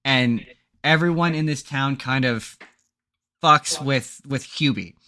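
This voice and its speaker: A man's voice: mid-range voice, slow pace, sharp tone. A man co-hosting a podcast, chatting casually and rambling through movie plots with lots of fillers and restarts. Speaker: podcast co-host. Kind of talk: casual chat.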